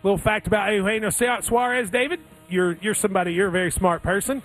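A man's voice: sits high, fast, fairly bright tone, soft background music. A man hosting a sports radio show, bantering playfully about baseball picks. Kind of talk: casual sports betting chat.

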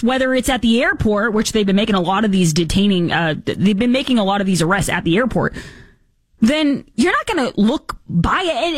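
A woman's voice: fairly high pitch, breathy edge, dry recording. A woman hosting a political commentary show, talking in an emphatic, sarcastic and argumentative way.

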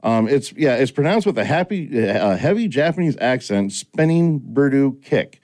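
A middle-aged man chatting casually as a host, with a lively, swooping delivery. He tells stories and acts out the lines he quotes. His voice sits at an ordinary pitch for a man. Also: normal speed. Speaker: podcast host. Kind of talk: casual chat.

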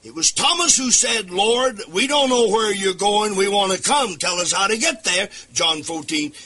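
A man delivering a radio sermon at a desk microphone, his voice high and piercingly bright with a husky edge. He preaches fervently in a rising singsong, swinging his pitch widely and breaking into sudden shouts. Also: lively intonation, normal speed.

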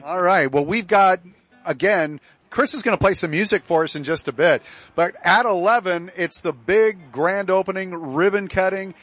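A man's voice: sits high, normal speed, a bit bright, no room sound, soft background music. A man hosting a live community radio broadcast from a sports bar, upbeat and enthusiastic in casual chat. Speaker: radio host on remote broadcast.

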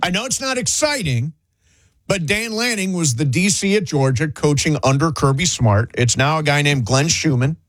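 A man co-hosting a sports radio show, talking casually and excitedly, often restarting his sentences. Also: on the high side, moderate pace, dry recording. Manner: animated, trails off and restarts.

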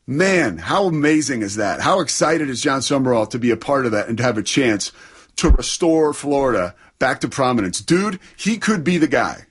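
A man's voice: medium pitch, big pitch swings, normal speed, husky. A man co-hosting a casual sports talk show, chatting with enthusiasm about college football.

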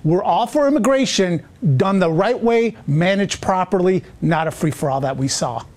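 A man's voice: high voice, expressive, normal speed, darkish tone. A man speaking as a guest on a news interview, earnest and frustrated. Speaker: interview guest, grieving father.

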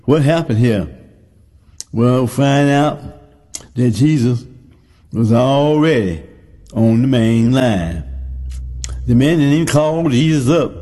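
Male preacher, folksy storytelling sermon, mid-pitched voice, long hall echo. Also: takes it slowly, pauses often, mellow. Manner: folksy storytelling, repeats phrases.

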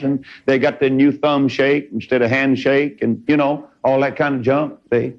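A man preaching a sermon in a fervent, folksy way, with sudden rises in his voice. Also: medium pitch. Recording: dull lo-fi recording.

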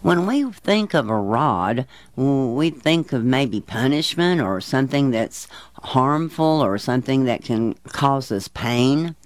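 Male devotional teacher, unhurried and soothing, earnest tone, dry close sound. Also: medium pitch, lively intonation, dry recording. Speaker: Bible teacher. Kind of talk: gentle devotional talk for children.

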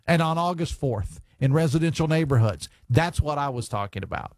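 A man's voice: a little high, animated, moderate pace, few pauses, no echo. Chatty radio talk show host man. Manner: conversational, reads listener texts, many fillers. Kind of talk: casual call-in talk radio chat. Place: radio studio. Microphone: studio broadcast mic.

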